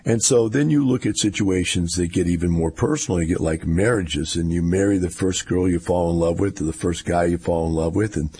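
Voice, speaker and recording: A man's voice: low voice, fairly quick, hardly any pauses, mellow, husky. An older man, giving a rambling, folksy casual monologue with wry asides.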